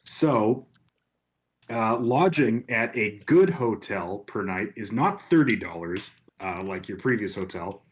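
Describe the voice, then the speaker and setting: A man's voice: lowish voice, slow pace. A man running a tabletop game as game master, in an easygoing way. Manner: easygoing, relaxed.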